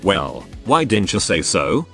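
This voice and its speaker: A synthetic male text-to-speech voice reading the lines of a gruff, menacing old male security chief in a story, with no acted voice of its own. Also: deep voice, very animated, takes it slowly, a bit bright, soft background music, full character voice.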